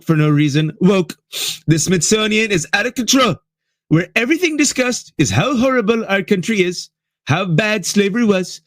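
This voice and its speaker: A man's voice: high voice, no echo, studio quality, voice pushed up, lightly acted. A man doing a mocking impression of a blustering, boastful older male president, with exaggerated emphasis.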